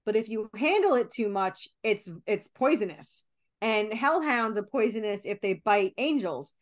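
A woman guest in a casual interview, telling stories in an animated way, with frequent fillers and laughs. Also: medium pitch, moderate pace. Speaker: guest comic creator and co-author.

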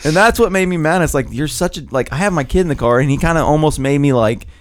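A man telling a story in casual podcast chat, profane and animated. His pitch swings widely as he acts out the people in it. The sound is dry, close to the mic. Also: fast talker, no room sound.

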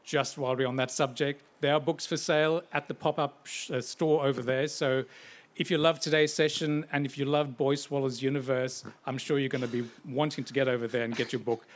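A man hosting a live on-stage book interview in a measured, friendly way. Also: mid-range voice, flat delivery. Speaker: interviewer and event host. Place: stage before a live audience.

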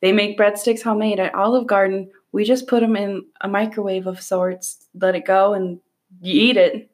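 A woman's voice: mid-range voice, steady tone, normal speed. A woman co-hosting a podcast, telling stories in a laid-back way with frequent giggles. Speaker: podcast co-host. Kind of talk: casual podcast chat.

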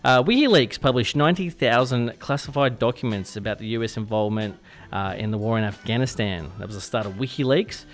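A young Australian man hosts his radio show from the studio in a loose, chatty way, poking fun at himself and tripping over words now and then. His voice sits at an ordinary middle pitch, and faint music plays behind him. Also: fairly quick. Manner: chatty, self-deprecating, stumbles over words. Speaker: radio host. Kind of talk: casual radio show hosting.

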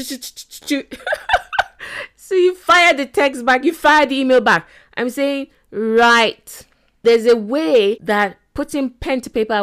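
A middle-aged woman hosting a self-help podcast, talking animatedly and acting out little quoted scenes with laughs. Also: fairly high pitch. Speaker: podcast host.

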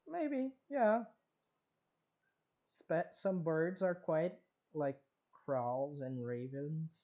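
Slow-talking man recapping an episode. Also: a little high, mellow, muffled recording. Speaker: podcast co-host. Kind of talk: casual chat.

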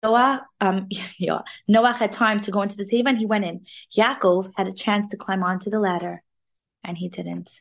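A woman giving an informal, animated weekly Torah talk, sprinkling in Hebrew terms. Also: mid-range voice, moderate pace, gravelly. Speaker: Torah class speaker.

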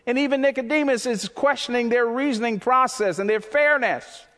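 A man preaching a sermon as pastor, impassioned and repetitive, his voice climbing toward near shouts. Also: extremely high pitch, normal speed, few pauses, big-room sound.

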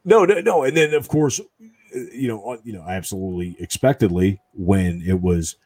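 A man in casual chat, swearing often and ranting with lots of fillers, his voice husky and close to the mic. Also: on the low side, very animated, brisk, a little mellow, dry recording.

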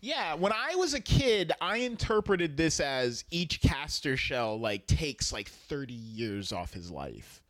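A man's voice: on the high side, sing-song, takes it slowly, few pauses, a bit bright, no echo, studio quality. A man co-hosting a podcast in casual chat, who laughs often and acts out quotes.

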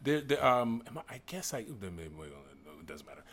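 A middle-aged man with a lowish voice talks as a guest on a chat show. He rambles in an animated way, restarting sentences and breaking into laughs as he tells stories. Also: normal speed, crowd noise. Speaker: guest actor. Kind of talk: casual chat.

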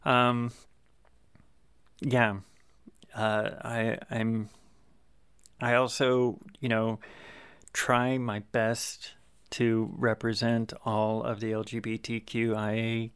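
A man hosting his own show, chatting casually and haltingly about writing his stories, with many fillers and restarts. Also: mid-range voice, little pitch movement, fairly bright tone, clean tone. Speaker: podcast host and fiction writer.

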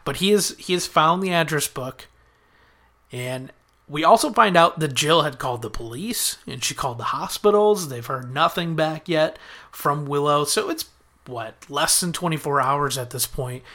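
A man's voice: on the high side, moderate pace, sharp tone. A man casually recapping a TV episode as a podcast host, chatting through the plot and quoting the characters in his own voice.

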